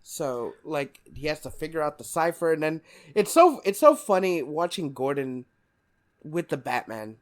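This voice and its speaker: A man's voice: fairly high pitch, animated, moderate pace. Man rambling about a film. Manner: rambling, laughing often. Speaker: podcast co-host. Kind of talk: casual film discussion.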